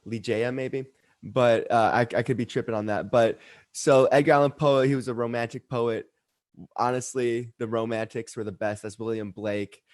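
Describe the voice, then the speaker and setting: A man's voice: mid-range voice, fairly even intonation, moderate pace, a little mellow, no room sound. Male open mic poet, earnest, trips over words, dry video call audio. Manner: earnest, stumbling, self-deprecating. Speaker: poet performer. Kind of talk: poetry reading then casual chat.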